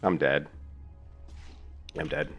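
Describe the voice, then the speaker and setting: Faint music plays behind this gaming streamer, whose slightly bright voice moves at a slow pace. He chats casually as he plays, rambling, laughing frequently, and cursing occasionally.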